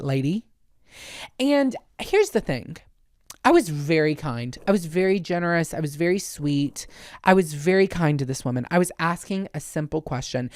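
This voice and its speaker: A man hosting a podcast, telling a comedic story in an animated, exasperated and dramatic way. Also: a little high, dry recording, clean studio sound. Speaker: podcast host.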